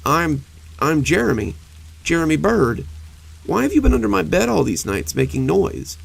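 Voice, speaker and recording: A man voicing a young boy trying to be brave, shaky and nervous, with a creaky, husky voice. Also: on the high side, sing-song, normal speed, pitched above the performer's own voice, heavily acted, rough recording. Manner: shaky, nervous, then gentle.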